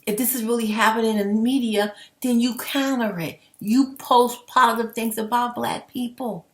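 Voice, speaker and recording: A woman's voice: a little high, fairly even intonation, moderate pace. A young adult woman giving a heated, rambling opinion rant to her viewers, blunt and swearing freely. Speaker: commentary vlogger.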